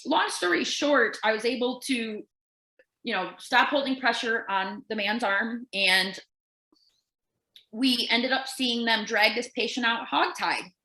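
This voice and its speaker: Bright, animated woman telling a story. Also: fairly high pitch, unhurried, echoey room, rough recording. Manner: animated storyteller who acts out quoted voices. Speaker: nurse and podcast co-host. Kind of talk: casual storytelling.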